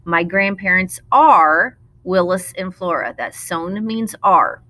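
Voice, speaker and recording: A woman, a Spanish teacher, talking through a recorded lesson in a patient, explanatory way. She slows down to model the Spanish words. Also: on the low side, animated, sharp tone. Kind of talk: recorded classroom lesson narration.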